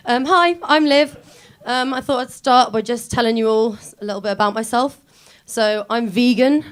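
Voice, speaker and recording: A woman's voice: mid-range voice, slight background noise. Young woman comic, rambling, self-mocking stand-up delivery. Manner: chatty, self-mocking, with many fillers. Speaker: stand-up comedian. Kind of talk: stand-up set. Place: stage before a live audience.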